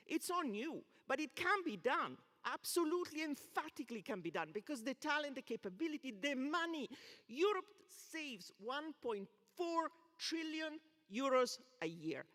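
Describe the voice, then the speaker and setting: An older woman on a discussion panel, speaking with passion and hitting her points hard. her pitch swings widely, and her voice rings out with a long reverb of a lecture hall. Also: fairly bright tone. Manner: impassioned, emphatic.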